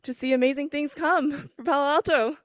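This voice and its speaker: A woman's voice: high voice, steady tone, a little fast. A young woman, an athlete, out of breath and giggly, giving a short grateful speech to an audience. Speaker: guest athlete.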